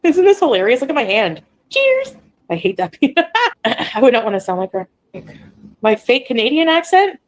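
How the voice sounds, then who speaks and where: A woman chatting on her own livestream, blunt and given to ranting as she reads comments out loud. Her pitch jumps around a lot, swinging up and down as she talks. She sounds like a clip played back inside another stream. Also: big pitch swings, moderate pace, low-quality recording. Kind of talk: casual livestream chat.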